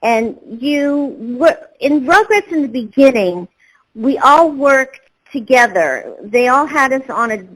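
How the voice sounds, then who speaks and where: A woman's voice: sits high, lively intonation, slow pace, a bit bright, rough recording. A woman, a voice actor, answering interview questions in a rambling way with many fillers and restarts. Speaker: voice actor guest.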